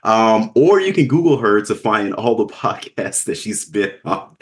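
A man's voice: on the low side, sing-song, unhurried. A man hosting a podcast in casual chat, laid-back, chuckling and poking fun at himself. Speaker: podcast host.

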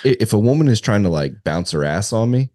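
A man guesting on a casual adult podcast, talking in an easygoing, halting way with lots of fillers. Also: lowish voice, animated, mellow, no room sound, clean studio sound.

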